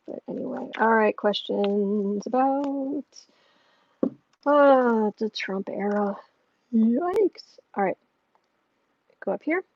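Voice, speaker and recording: A woman's voice: on the high side, animated, takes it slowly, long pauses. An American woman hosting an astrology livestream, chatting casually, rambling and reading out viewer questions. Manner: soft cooing baby talk to her cat. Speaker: astrology and tarot livestream host. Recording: muffled lo-fi mic, dry room.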